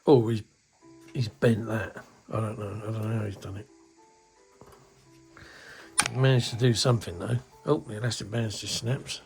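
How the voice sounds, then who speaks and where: A man's voice: fairly low pitch, fairly even intonation, normal speed, creaky, long pauses, over music. A middle-aged man from the UK chatting casually about his model kit, grumbling and exasperated, swearing under his breath. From United Kingdom. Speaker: scale model hobbyist. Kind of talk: casual hobby video chat. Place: indoors at a hobby workbench.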